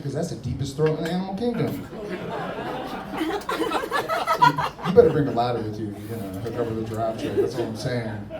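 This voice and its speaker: Laughing stand-up comic in an echoey club. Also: male voice, medium pitch. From Middle Eastern heritage, Persian father. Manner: loose, laughing, teasing the crowd. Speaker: stand-up comedian. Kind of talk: stand-up crowd work. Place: comedy club stage. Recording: echoey room, distant, noisy crowd.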